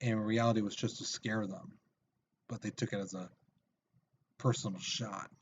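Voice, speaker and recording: A man's voice: fairly low pitch, fairly even intonation, normal speed, highs cut off, slight background noise. A male teacher giving a recorded video lesson in a casual, chatty way with lots of fillers.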